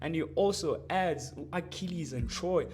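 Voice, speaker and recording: A young man explaining rap lyrics in a casual, slangy, excitable way, breaking off from quoted lines to unpack them. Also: on the high side, measured pace, a little hiss or hum. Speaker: music commentator.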